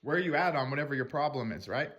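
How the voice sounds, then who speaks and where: A man's voice: medium pitch, animated, fast talker, fairly bright tone, lo-fi sound. A man coaching a tapping technique in loose, rambling talk, swearing casually and acting out angry self-talk in a raised voice. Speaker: spiritual mindset coach.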